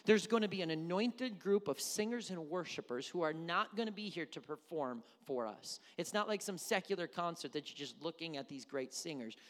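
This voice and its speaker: A male pastor preaching a sermon, telling stories with humorous asides in an animated way. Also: a little high, moderate pace, hardly any pauses, long reverb tail. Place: church sanctuary.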